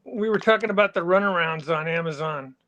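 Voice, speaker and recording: A man's voice: a little high, a little fast, bright, forceful tone. A man co-hosting a casual podcast over a video call, speaking in an easygoing way. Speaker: podcast co-host.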